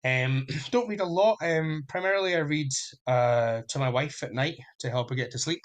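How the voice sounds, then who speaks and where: A man's voice: fairly high pitch, moderate pace. A young adult man hosting a solo podcast, talking in an enthusiastic, rambling fan manner. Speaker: podcast host. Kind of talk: casual solo podcast chat.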